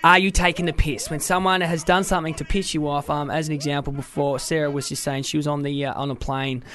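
A man's voice: a little high, level tone, quick pace, bright, forceful tone. An Australian man co-hosting a radio show, talking casually, swearing lightly and repeating himself.

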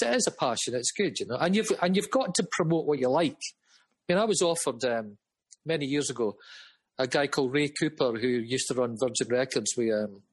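A man's voice: medium pitch, husky. A middle-aged man, a music promoter guest, telling rambling stories with frequent laughs. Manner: rambling, chatty, laughs often. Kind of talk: casual storytelling.

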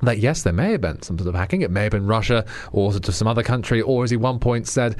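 A man's voice: on the low side, expressive, fast, a little mellow, no echo. A man hosting a political radio show, talking in a chatty, wry way with many fillers and restarts. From Britain. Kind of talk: radio monologue on current affairs.

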